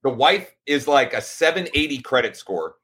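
Guy hosting a laid-back live show, rambly, keeps restarting sentences, middle-pitched voice. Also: very animated, normal speed, bright, forceful tone. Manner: loose and rambling, with frequent restarts. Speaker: host. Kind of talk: casual live show chat.

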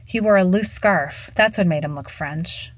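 Low-voiced woman reading a story. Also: normal speed, no echo. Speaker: narrator.

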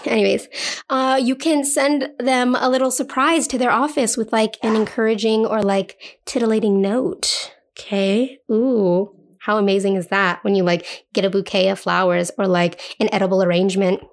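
A woman's voice: medium pitch, steady tone, normal speed. A woman hosting a podcast in a casual solo chat, playful and chatty, often checking in with the listener. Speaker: podcast host.

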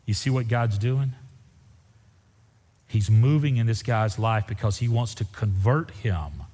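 A man preaching a sermon, folksy and animated, his voice climbing sharply when he presses a point. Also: fairly low pitch, unhurried. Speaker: pastor. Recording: reverberant hall.

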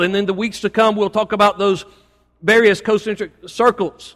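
This pastor has a high voice with fairly level intonation, a slight brightness and an ordinary pace. Preaching his Sunday sermon in a church sanctuary with long hall reverb, he builds to emphatic points between folksy words to the congregation.

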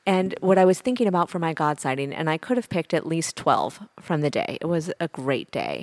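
Low-voiced woman telling a church story. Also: expressive, fairly quick, no room sound. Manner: warm storytelling, smiling tone. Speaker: podcast co-host, diocesan director of formation. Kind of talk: casual church podcast chat.

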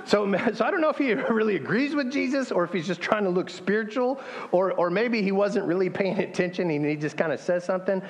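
A man delivers a sermon in a relaxed, conversational way, often restarting his sentences as he reads scripture aloud. His voice sits a little high for a man. The sound carries a long reverb from a large church hall. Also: brisk. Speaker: pastor.

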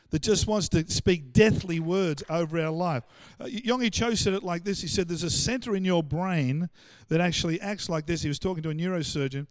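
A man with an Australian accent preaching a sermon, animated and full of stammered restarts as he acts out the voices of the people he quotes. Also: high voice, no room sound. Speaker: pastor.

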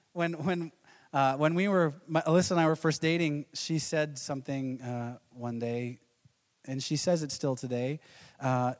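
A man in his thirties delivers a sermon, slipping into quoted voices and chuckling as he tells stories. His voice sits a little high, and a long reverb from the church hall trails each phrase. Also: fairly even intonation, unhurried. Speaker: pastor.

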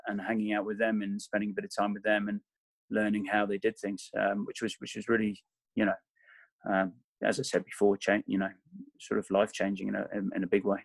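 Male coach guest, deep and even, rambles and self-corrects, dry close sound. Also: no room sound. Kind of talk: casual interview chat.

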